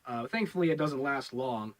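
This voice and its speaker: A man's voice: medium pitch, animated, moderate pace, low-quality recording. A man giving a casual review of a TV episode, rambling and repeating his words with many fillers. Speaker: show reviewer.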